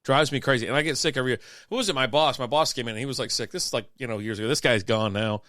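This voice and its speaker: A man's voice: medium pitch, very fast, a bit bright, no echo, clean studio sound. A man chatting casually as co-host of a beer and sports stream, rambling through profane stories with frequent laughs while sick with a cough. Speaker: podcast co-host.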